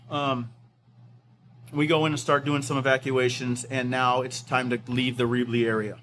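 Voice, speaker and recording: Medium-pitched and fairly bright, his delivery is flat and unhurried, with slight background noise. The middle-aged fire captain tells of an evacuation with lots of fillers and restarts, sometimes voicing what others said.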